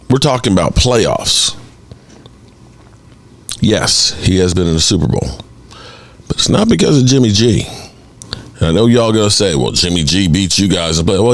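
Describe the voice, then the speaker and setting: Man, sports podcast host, low voice, very lively pitch, exasperated opinionated commentary. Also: creaky, no echo. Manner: animated, exasperated, mocks critics in exaggerated voices.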